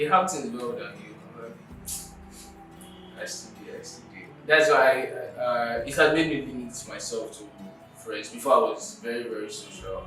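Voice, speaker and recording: A man's voice: mid-range voice, fairly bright tone. Hesitant young man, very echoey and distant. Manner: halting, hesitant, repeats himself. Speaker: interviewee. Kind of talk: personal reflection. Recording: very echoey, distant mic, faint music.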